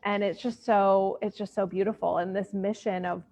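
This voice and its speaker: A woman's voice: mid-range voice, level tone, moderate pace, darkish tone. A woman hosting a casual chat who asks rambling, effusive questions over a video call. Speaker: host. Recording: dull lo-fi audio.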